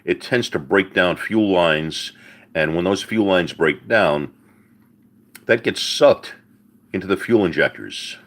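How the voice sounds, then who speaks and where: Speaking slowly in a low voice with lively intonation, a middle-aged man fields viewers' car questions on a live stream. He explains mechanics in homespun style, leaning on "all right" and "uh" and calling people folks and buddy.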